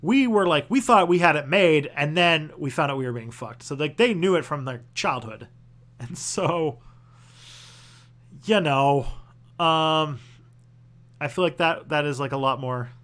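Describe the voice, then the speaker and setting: A young man hosting a loose livestream Q&A, his voice sitting a little higher than most men's. He talks in a rambling, halting way, circling back and restarting his sentences, peppering them with "like" and casual swearing. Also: lively intonation, a bit bright. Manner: loose and profane. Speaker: host answering viewer questions.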